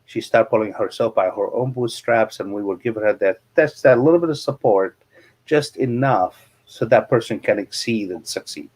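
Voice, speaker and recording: A man's voice: fairly low pitch, normal speed, darkish tone. A middle-aged man, a real estate coach and interview guest, telling anecdotes and explaining money matters with plain examples.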